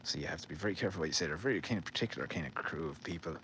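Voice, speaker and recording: Deep-voiced Irish man chatting in a garden. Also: expressive, racing, a bit bright, slight background noise. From Ireland. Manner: rambling, joking, reads out viewer comments. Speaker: livestream host. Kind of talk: casual live-stream chat. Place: garden outdoors at night.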